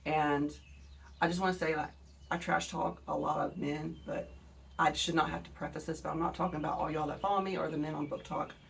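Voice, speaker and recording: A woman's voice: deep voice, fairly even intonation, a little fast, creaky, distant mic. A woman in her forties with an Alabama accent, hosting a casual book video; she rambles, digresses and swears freely while talking straight to her viewers.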